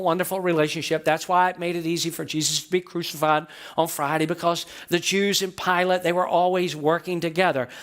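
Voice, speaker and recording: A man's voice: high voice, fairly bright tone. A man pastor preaching a sermon to his church, stressing points by repeating phrases and asking the congregation questions. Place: church sanctuary.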